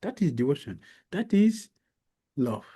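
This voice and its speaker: A man giving a devotional lecture as a spiritual teacher, telling a story slowly and with emphasis, with many pauses and fillers. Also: on the high side, sing-song, dark tone, breathy edge. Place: lecture hall.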